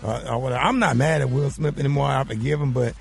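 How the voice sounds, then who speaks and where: A man's voice: mid-range voice, fast talker, vocal fry, soft background music. A man hosting a morning radio show, joking and teasing his cohosts. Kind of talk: comedic radio banter.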